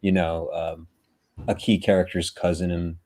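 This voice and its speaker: A man's voice: sits low, flat delivery, normal speed, darkish tone. A man hosting a casual chat, teasing his guests and laughing often. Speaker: show host.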